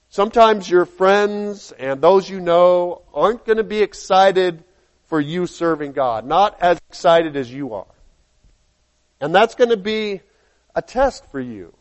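A man preaching a sermon, reading scripture aloud and acting out the people in it with lively changes of voice. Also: high voice, measured pace. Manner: animated, acts out dialogue in quotes.

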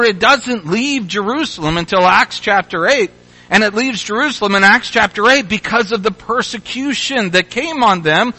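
A man's voice: sits high, pushed and bright, low-quality recording. A man preaching a sermon as pastor, emphatic and repeating his key phrases.

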